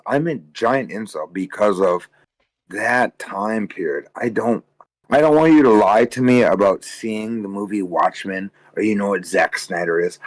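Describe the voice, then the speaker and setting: A lowish, tired male voice rants crudely and swears constantly on a livestream. He rambles, and his talk jumps from point to point. The sound is dry and close. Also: no room sound, rough recording. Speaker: livestream co-host. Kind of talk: casual livestream rant.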